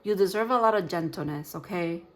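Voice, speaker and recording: A woman giving a gentle, reassuring tarot reading, talking in loose, rambling sentences with restarts. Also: fairly low pitch, a little fast. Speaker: tarot reader. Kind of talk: pick-a-card tarot reading.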